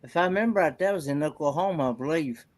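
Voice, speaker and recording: A man co-hosting a casual livestream chat, halting and repeating his starts. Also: a little high, a crowd in the background. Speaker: co-host.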